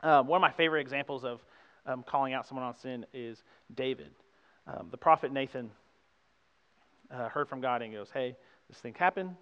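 Young male pastor, chatty sermon delivery with quick asides to the room; dull, reverberant church recording. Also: medium pitch, fairly even intonation, clean tone. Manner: conversational preaching with frequent "right?" asides. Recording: dull sound with long hall reverb.

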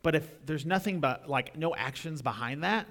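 A young adult man preaching a sermon in a church, talking conversationally, repeating words and swelling louder on key points. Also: fairly high pitch, moderate pace. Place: church sanctuary. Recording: long reverb of a church hall.

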